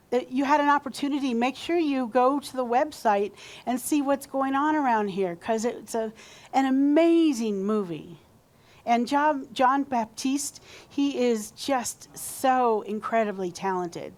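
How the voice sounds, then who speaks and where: A woman pastor giving a sermon in a church, talking conversationally and leading the congregation in call-and-response. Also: on the high side. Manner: warm conversational preaching, leads call-and-response. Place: church sanctuary.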